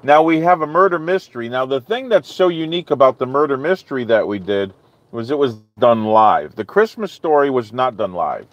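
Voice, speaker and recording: A man's voice: medium pitch, big pitch swings, a little fast, dry recording, muffled recording. A man hosting a live stream, chatting casually with viewers in a rambling way full of "okay?" and "you know".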